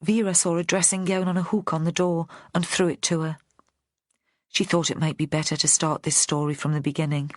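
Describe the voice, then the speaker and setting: Woman audiobook narrator, low voice, measured delivery, dry close sound. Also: level tone, no room sound. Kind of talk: scripted narration.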